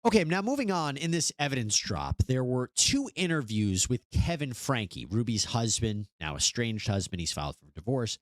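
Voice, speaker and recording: A man's voice: mid-range voice, sing-song, normal speed, hardly any pauses, dry recording, clean studio sound. A man hosting a true-crime news commentary, narrating in a skeptical, wry manner. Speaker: host.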